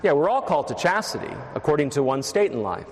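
A man's voice: fairly high pitch, sing-song, fast. A man preaching a sermon as a priest, teaching steadily with wry asides to the congregation. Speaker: Catholic priest. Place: church. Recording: echoey church reverb.

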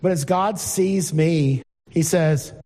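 A man's voice: a little high, slow pace, mellow. A middle-aged man preaching an informal sermon to a congregation, reading scripture and asking the room plain questions. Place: church hall before a congregation. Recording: long hall reverb.

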